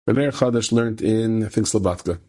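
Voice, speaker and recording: A man, a rabbi, telling a story with a moral lesson in a conversational way, repeating phrases for emphasis. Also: fairly quick. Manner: conversational, repeats phrases for emphasis, rising pitch when animated.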